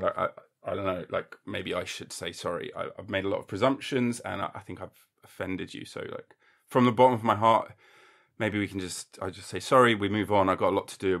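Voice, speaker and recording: A man's voice: fairly low pitch, fairly quick, creaky, a bit bright. A man hosting a podcast in a casual comedic monologue, rambling and jokey, swearing freely and acting mock-indignant. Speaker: podcast host.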